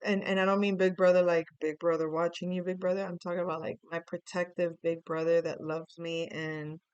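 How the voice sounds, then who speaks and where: A woman's voice: on the low side, level tone, fairly quick, a little mellow, clean tone, dry recording, highs cut off. A woman giving a casual, playful tarot reading, chatting to her viewers while recording on her computer. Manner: chatty, playful, sings snatches of song. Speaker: tarot reader.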